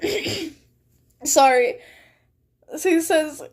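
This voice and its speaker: A young woman streamer with a high voice chats casually on a live stream and breaks into giggles mid-sentence. She takes her time, speaking at an unhurried pace. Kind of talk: casual live-stream chat, reading a chat log aloud.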